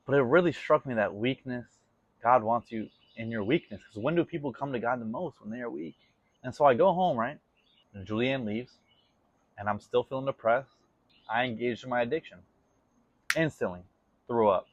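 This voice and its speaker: A man's voice: mid-range voice, normal speed, pauses often, no room sound, lo-fi sound. A young man giving an emotional personal testimony in a rambling casual way, full of "like" and "dude". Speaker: vlogger.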